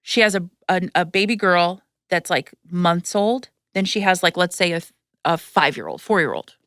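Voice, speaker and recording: A woman hosts a podcast and tells a personal story candidly and tearfully, swearing freely and using lots of fillers. Her fairly low voice is expressive and fairly bright, at a moderate pace, in a dry, clean studio recording.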